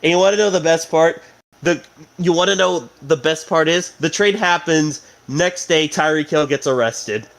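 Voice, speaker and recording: A young male podcast cohost riffs on football in loose, joking banter, full of restarts and fillers. His voice sits on the higher side for a man. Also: moderate pace, gravelly, fairly bright tone. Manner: rambling, joking, many fillers. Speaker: podcast co-host. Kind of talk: casual sports banter.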